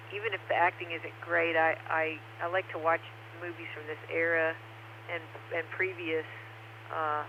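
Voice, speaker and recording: A woman giving hesitant, thoughtful commentary on a ham radio net, with many pauses and restarts. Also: low-pitched, bright, forceful tone, slight background noise. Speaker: net participant. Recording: dull ham radio transmission.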